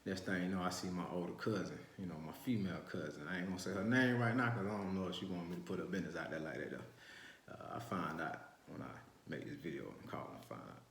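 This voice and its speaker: Rambling low-voiced storyteller. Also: male voice, animated, fast talker, slight background noise. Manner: rambling, repetitive restarts, street slang. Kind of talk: casual first-person storytelling. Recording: roomy echo.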